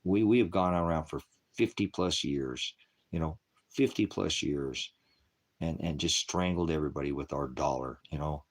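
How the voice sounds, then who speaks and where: A man's voice: extremely low pitch, moderate pace. A man ranting angrily on a live stream, swearing heavily and preaching to his viewers as brothers and sisters. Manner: profane, heated, scolding. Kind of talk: angry live-stream rant.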